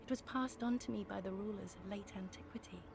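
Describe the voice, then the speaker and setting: A woman's voice: mid-range voice, fast talker, background noise, close to an everyday voice. A woman voicing a serene regal ex-lover. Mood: stately. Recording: game audio with music underneath.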